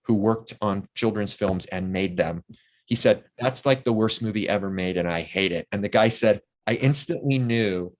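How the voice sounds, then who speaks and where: A man's voice: on the low side, moderate pace. Enthusiastic older man telling rambling anecdotes. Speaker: interview guest. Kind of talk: casual interview storytelling.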